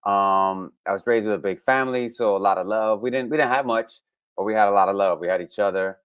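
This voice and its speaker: A young musician from Brooklyn talks. His voice sits on the low side and sounds smooth and resonant. The recording is dry and close. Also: quick pace, no room sound. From Brooklyn, New York. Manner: relaxed, with frequent fillers and restarts. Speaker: musician guest. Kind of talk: casual interview.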